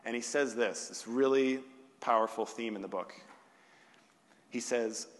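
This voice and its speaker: A male pastor delivering a sermon, asking rhetorical questions and slowing down with long pauses on key words. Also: medium pitch. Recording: long hall reverb.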